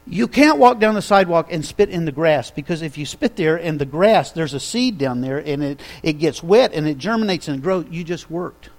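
In this sermon, a high-voiced pastor tells his story in an animated way. Along the way he poses rhetorical questions to the congregation.

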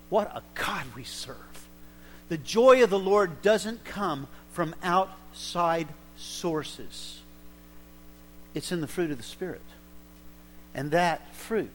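A man's voice: a little high, slight background noise, rough recording. A male pastor preaching a sermon in a church service, fervent and exhorting.

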